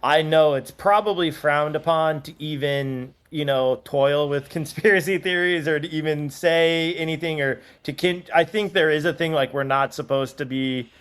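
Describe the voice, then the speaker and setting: A man with a fairly high voice talks in a loose, animated podcast chat. He keeps dropping "dude" and "you know" as he goes. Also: normal speed, few pauses, clean tone. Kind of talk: casual chat.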